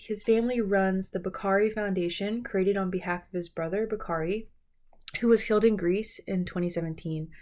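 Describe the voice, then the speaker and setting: This young woman, a vlogger who covers beauty and reality TV, has a mid-range, slightly mellow voice. She chats casually and playfully about reality TV contestants.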